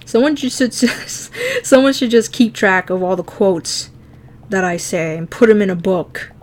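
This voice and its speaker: While drawing on stream, a woman chats casually in an animated, mid-range voice at a measured pace. She often laughs and curses freely, teasing herself along the way.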